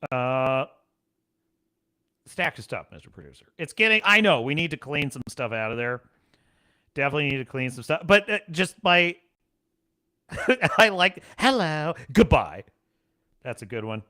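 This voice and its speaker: Animated, bright-voiced male streamer. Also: on the high side, normal speed, long pauses. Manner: animated, rambling, laughs often. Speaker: livestream show host. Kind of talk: casual livestream chat.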